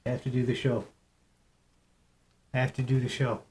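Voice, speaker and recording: A young adult man hosting a casual live internet radio show, cooing softly in baby talk to his cat between announcements. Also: medium pitch, monotone, moderate pace, long pauses.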